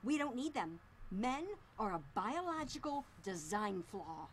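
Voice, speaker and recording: An actress playing a blunt, militant woman who declares her views flatly. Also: medium pitch, measured pace, slight background noise.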